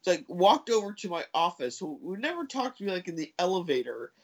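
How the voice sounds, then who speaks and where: A woman telling a long personal story in casual chat, hesitant and full of fillers and restarts, jumping up in pitch when she acts out what others said. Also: sing-song, fairly quick, low-quality recording. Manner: acts out quoted voices with big pitch jumps.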